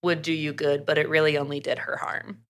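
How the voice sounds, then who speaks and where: A woman's voice: sits low, little pitch movement, gravelly. A woman co-hosting a podcast, chatting casually through a book's plot and acting out the characters' lines. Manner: chatty, fast recap full of "like" and acted quotes. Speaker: podcast co-host. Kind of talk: casual book recap.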